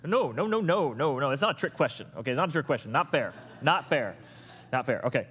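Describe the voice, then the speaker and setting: A man preaching a sermon as pastor, lively and conversational, throwing questions and asides to the congregation. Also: medium pitch, quick pace, husky. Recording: long reverb of a large hall.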